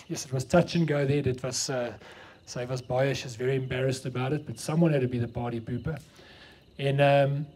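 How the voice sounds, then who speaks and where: A man's voice: mid-range voice, mellow, husky. A middle-aged South African man with an Afrikaans accent, preaching a sermon and telling a story, mixing English and Afrikaans.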